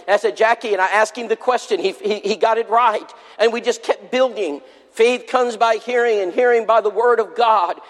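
Man, preacher, folksy retelling, high voice, long hall reverb. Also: normal speed. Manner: folksy, repeats "I said" while retelling conversations. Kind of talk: sermon storytelling. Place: church.

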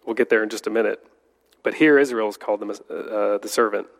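Male Bible teacher, unhurried, fairly low voice, long reverb of a big room. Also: fairly even intonation, gravelly. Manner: unhurried, stops to correct slips while reading. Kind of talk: Bible study teaching, reading scripture aloud.

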